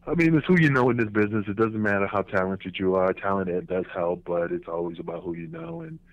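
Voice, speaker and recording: A man with a low, gravelly voice tells stories from his past with lively energy, acting out the people he talks about. He comes through a thin, tinny phone connection. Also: fast, dry recording. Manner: animated storyteller, acts out voices and laughs. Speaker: podcast guest, former wrestler. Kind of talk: casual storytelling interview.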